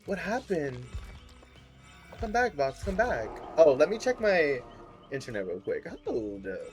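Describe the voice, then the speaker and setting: A man's voice: a little high, huge pitch swings, normal speed, faint music behind. A man streaming a game from home, chatting casually with viewers and cheering and laughing often. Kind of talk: casual gaming livestream chat.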